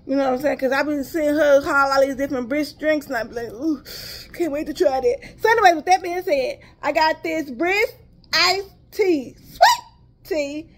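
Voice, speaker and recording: High-voiced Southern woman chatting. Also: moderate pace. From Texas. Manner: chatty, addresses viewers as y'all, drifts into asides. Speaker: haul vlogger. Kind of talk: casual chat to viewers.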